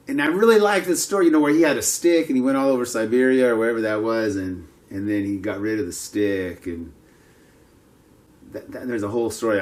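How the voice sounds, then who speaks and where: A man in his fifties, vlogging casually outdoors, talking in a chatty, digressive, self-mocking way. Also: medium pitch. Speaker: martial arts vlogger. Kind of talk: casual rambling monologue. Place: outdoors, with passers-by around.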